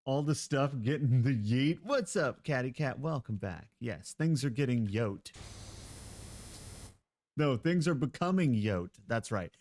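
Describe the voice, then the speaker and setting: A man's voice: mid-range voice, lively intonation, unhurried, darkish tone. A man live streaming, chatting casually with his viewers in a playful, giggly way and laughing often.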